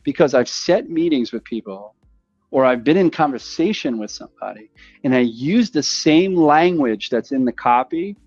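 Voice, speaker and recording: A man in casual podcast conversation, talking in a rambling, animated way and acting out phone calls. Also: mid-range voice, normal speed, no echo, lo-fi sound, soft background music. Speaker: podcast host.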